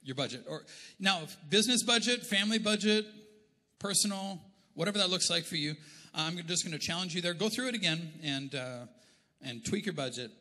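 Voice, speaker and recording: A man's voice: sits high, expressive, a little fast, pushed and bright. A middle-aged Canadian man preaching a sermon as pastor, in a conversational, joking way. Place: church auditorium. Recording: long echo of a large church hall.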